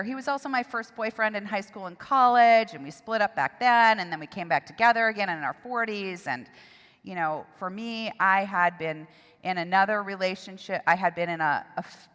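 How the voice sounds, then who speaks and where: A middle-aged woman giving a personal testimony at a seminar, speaking in an emotional, halting way with pauses and restarts. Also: mid-range voice, a bit bright, clear, resonant tone. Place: church hall. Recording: long hall reverb.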